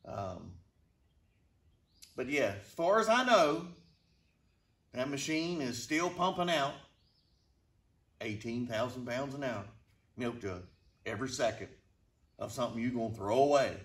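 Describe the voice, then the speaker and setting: A man casually telling a funny travel story to his channel, with a slow, deadpan drawl. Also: medium pitch. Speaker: storyteller vlogger. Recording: roomy, distant from the mic.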